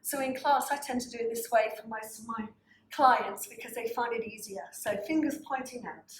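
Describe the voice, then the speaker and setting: A woman's voice: on the high side, normal speed, echoey room, a little hiss or hum, low-quality recording. A woman teaching a pilates class, cueing breaths and counting reps while slightly out of breath. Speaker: pilates instructor. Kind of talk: guided workout instruction.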